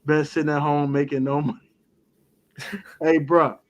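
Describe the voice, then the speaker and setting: A man co-hosting a casual sports talk show, animated and laughing often as he acts out other people's words. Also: a little high, a little slow, slight background noise. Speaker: podcast co-host.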